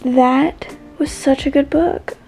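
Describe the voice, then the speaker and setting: A woman's voice: high-pitched, fairly even intonation, takes it slowly, creaky, mellow, low-quality recording. A woman chatting expressively to her viewers in a casual reading vlog. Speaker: book vlogger.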